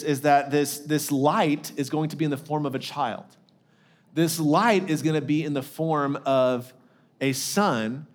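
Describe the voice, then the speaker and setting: A middle-aged lead pastor delivers a sermon in a voice sitting a little high for a man. He speaks conversationally as he works through the scripture, restarting phrases and tossing in casual asides.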